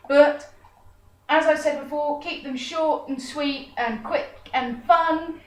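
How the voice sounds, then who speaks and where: A woman's voice: high voice, steady tone, slow pace. A woman teaching a dog trick in a chatty tutorial, breaking off to coo praise at her dog. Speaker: dog trainer. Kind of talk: casual how-to tutorial. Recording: echoey room, voice far from the mic.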